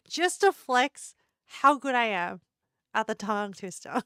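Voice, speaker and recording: A woman's voice: fairly high pitch, animated, slow, pushed and bright, clear, resonant tone, no echo, clean studio sound. A woman live streamer chatting casually with her viewers, giggling a lot and playfully teasing them.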